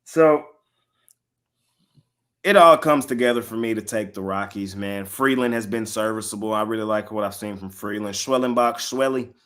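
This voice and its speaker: A man's voice: fairly low pitch, normal speed, a bit bright. A man hosting a sports betting show, giving casual picks to his live chat and repeating lines for emphasis.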